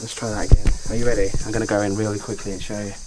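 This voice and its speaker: A man filming a casual travel vlog outdoors, chatty and excitable, making joking asides to the camera while walking through a jungle park. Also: lowish voice, very fast, background noise. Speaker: travel vlogger.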